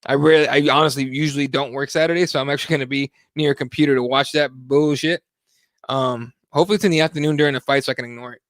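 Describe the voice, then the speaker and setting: A man's voice: medium pitch, fairly even intonation, fast talker, a bit bright, no room sound, studio quality. A man hosting a live talk show, rambling and swearing a lot in a heated, casual chat. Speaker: host.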